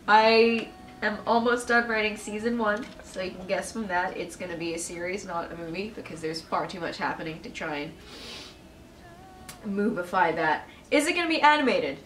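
A woman's voice: mid-range voice, moderate pace, a bit bright, reverberant, recorded from a distance, a little hiss or hum, rough recording. A young woman answering viewer questions in a casual video, candid and emotional and swearing freely. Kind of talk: casual Q&A chat.

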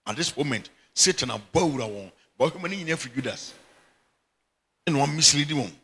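A man's voice: mid-range voice, expressive, a little fast, bright, forceful tone, breathy edge. A middle-aged Ghanaian man preaching a sermon as bishop, emphatic and often breaking into laughter. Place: church chapel.

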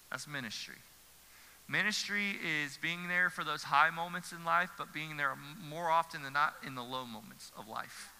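Man preaching, earnest, repeats for emphasis, bright ringing tone, hall echo. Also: fairly high pitch, smooth. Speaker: pastor. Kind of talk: sermon. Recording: church hall reverb.

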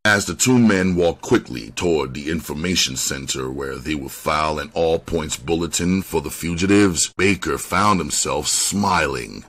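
A man reading a crime novel aloud as its narrator, in an expressive manner. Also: a bass voice, normal speed, hardly any pauses. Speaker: audiobook reader.

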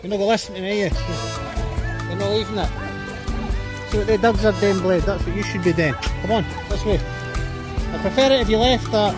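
A man's voice: high voice, a little fast, pauses often, over music. Swearing Scottish man walking his dog. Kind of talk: casual chat while walking outdoors. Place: outdoors on a beach.

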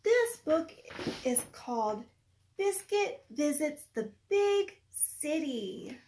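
A woman teacher reading a picture book aloud to a young child in a gentle, sing-song storytelling voice, then patiently explaining a project. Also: high-pitched, very animated, very slow, slight background noise. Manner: patient, encouraging teacher talk.

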